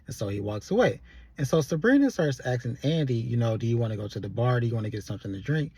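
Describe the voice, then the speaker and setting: Husky man recapping a TV episode. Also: mid-range voice, animated, fast, dark tone, no echo. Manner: retells scenes by voicing characters' lines loosely. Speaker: TV show reviewer. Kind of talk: casual recap commentary.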